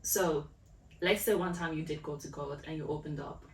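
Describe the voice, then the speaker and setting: A woman's voice: deep voice, moderate pace. A woman co-hosting a podcast in casual faith conversation, reflective and thinking aloud. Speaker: podcast co-host. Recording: echoey room, distant mic, faint noise.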